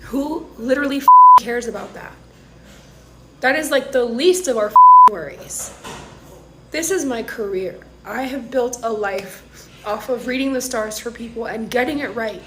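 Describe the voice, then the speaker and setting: A woman's voice: a little high, normal speed. A woman astrologer ranting heatedly in a vlog, cutting off her own swear words. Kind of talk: angry vlog rant. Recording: loud background noise.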